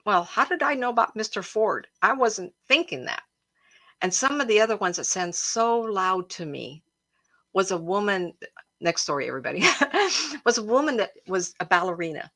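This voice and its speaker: A woman psychic medium hosting a livestream, telling stories in an emotional, animated way and often breaking into laughter. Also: mid-range voice. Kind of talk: casual livestream storytelling.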